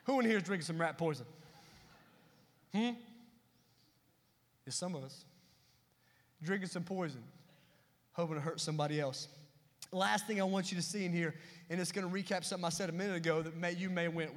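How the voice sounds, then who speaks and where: Pastor guy preaching, pretty high voice, big echoey church hall, gets loud then goes real quiet. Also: brisk, pauses often. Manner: emphatic preaching with swings between loud and hushed delivery. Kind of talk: sermon. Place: church sanctuary.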